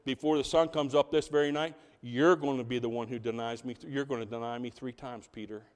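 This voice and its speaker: A solemn male teacher speaks low and quietly with measured gravity, as a preacher puts him on. His voice lingers in the long reverb of a large hall. He sounds calm and steady. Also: smooth, natural voice.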